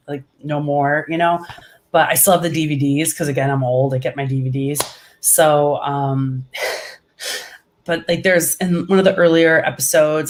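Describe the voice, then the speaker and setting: Chatty woman stand-up comic as interview guest, gushing, filler-heavy, laughs easily. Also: sits low. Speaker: comedian guest. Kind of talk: casual interview chat.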